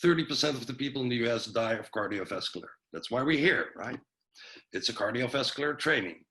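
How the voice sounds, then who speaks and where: A man's voice: mid-range voice, animated, a little fast, bright, forceful tone, low-quality recording. A man giving an informal health presentation on a video call, loose and chatty with lots of fillers and restarts. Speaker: webinar presenter.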